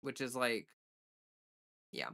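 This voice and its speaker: A woman's voice: rumbling low, very animated, slow, vocal fry, sharp tone. A woman livestreamer in casual, rambling chat who thinks aloud and thanks viewers for donations.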